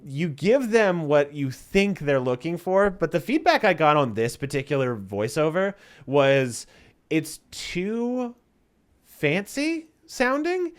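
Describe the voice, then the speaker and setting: Male podcast co-host, lively pitch, animated storyteller who acts out the people he quotes. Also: measured pace, few pauses. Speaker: podcast co-host and voiceover artist. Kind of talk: casual podcast chat.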